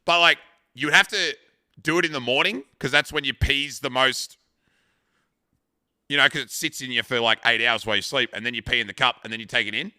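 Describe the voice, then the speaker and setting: Aussie guy in his 30s, super bright crisp voice, crude rambly stories, swears a lot. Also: medium pitch, a little fast, no room sound, clean studio sound. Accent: Australian. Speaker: live streamer. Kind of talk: casual chat with stream viewers.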